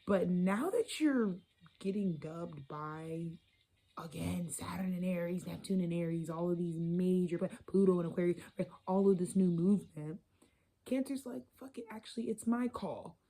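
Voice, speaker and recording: A woman giving a casual, channeled tarot reading to her viewers. She talks in a loose, profane, animated way. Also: fairly low pitch, normal speed. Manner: loose, profane, animated, slipping into quoted voices. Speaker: tarot reader.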